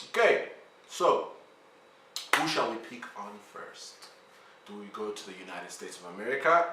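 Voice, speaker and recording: A man's voice: medium pitch, bright, forceful tone, distant mic, slight background noise. A man from South Africa hosting his own vlog, ranting bluntly and swearing as he pleads with the people he calls out. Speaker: vlog host. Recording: echoey room, voice a little off-mic.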